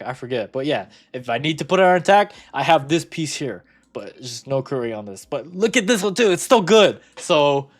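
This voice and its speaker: A young man talks through his game account in a loose, rambling way, often correcting himself mid-sentence. His voice sits at an ordinary middle pitch. He breaks into sudden excited bursts between stretches of low-key muttering. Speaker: gaming content creator. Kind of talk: casual gameplay commentary.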